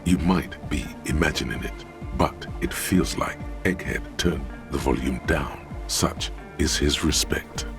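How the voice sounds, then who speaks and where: A man giving scripted narration for a video game, measured and literary. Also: very deep voice, over music. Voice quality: gravelly.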